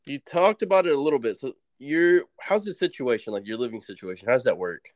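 A man's voice: medium pitch, expressive, fast, darkish tone, no echo. A young man chatting as a podcast guest, laid-back and slangy, swearing casually.

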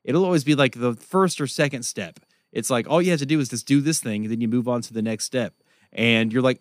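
A man co-hosting a comedy podcast, rambling through a profane story with plenty of fillers. His voice sits at an ordinary middle pitch. He is recorded close on a mic in a dry room. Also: brisk, no room sound. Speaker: podcast co-host. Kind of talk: casual comedy podcast chat.

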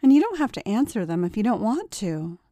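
A woman reading the part of a gentle middle-aged stepmother, soft, patient and motherly. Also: medium pitch, big pitch swings, a little fast, dry recording, natural voice. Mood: reassuring.

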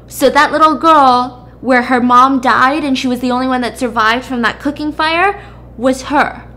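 A woman host casually recapping a drama plot with animated storytelling and quick asides to her co-host. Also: high-pitched. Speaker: podcast host.

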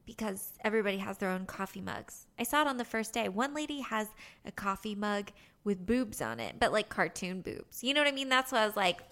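A woman's voice: medium pitch, expressive, brisk, a bit bright. A woman co-hosting a podcast in casual chat, giggly and chatty as she tells stories. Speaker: podcast co-host.

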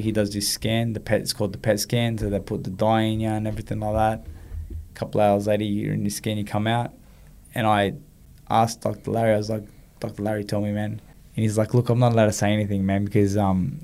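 A man's voice: lowish voice, mellow. A man, telling a personal story in an interview and acting out the quoted dialogue. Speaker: guest, former boxer.

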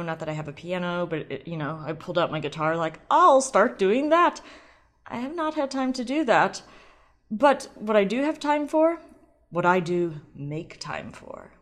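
A woman sommelier hosting a solo wine podcast, chatting casually and playfully, drifting into tangents. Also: lowish voice.

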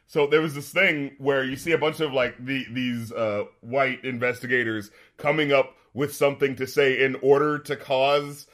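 A man in casual film-talk chat, animated and laughing often, acting out lines from scenes. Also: mid-range voice, normal speed, hardly any pauses.

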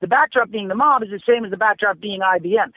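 A man's voice: sits high, fast, no room sound. Screenwriter guest, male, loose and sweary, thin phone-like sound. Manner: profane, rambling storyteller with many fillers. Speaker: screenwriter and writing teacher. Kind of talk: casual podcast conversation.

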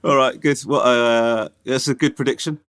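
A man's voice: medium pitch, fairly even intonation, normal speed, noisy background. A man co-hosting a podcast, chatting casually with enthusiastic, sweary praise. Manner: sweary, enthusiastic, hesitant fillers. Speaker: podcast co-host. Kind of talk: casual chat.

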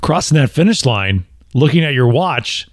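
A man's voice: mid-range voice, animated, moderate pace, no room sound, studio quality. A man hosting a conversational interview, asking long, emphatic questions. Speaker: podcast host.

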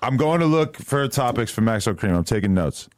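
A man's voice: mid-range voice, lively intonation, a little fast. A man hosting a podcast, asking probing questions and dropping short replies in casual chat. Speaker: podcast host.

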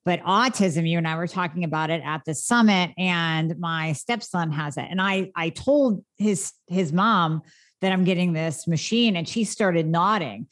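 A woman in a fairly low register, hosting an interview. She talks earnestly and casually. Her delivery sounds like relaxed conversation. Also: unhurried. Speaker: interview host.

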